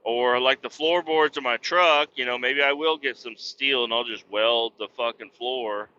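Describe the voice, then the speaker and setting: A man's voice: mid-range voice, moderate pace, bright, forceful tone, dull audio, slight background noise. A middle-aged man hosting a podcast, rambling casually, swearing a lot and laughing at himself. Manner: profane, self-deprecating, laughs often. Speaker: podcast host.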